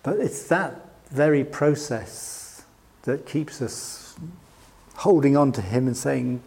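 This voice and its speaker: Slow and creaky, with a medium pitch and a darkish tone, a middle-aged British pastor preaches his sermon. He sounds conversational and self-deprecating, laughing frequently as he goes.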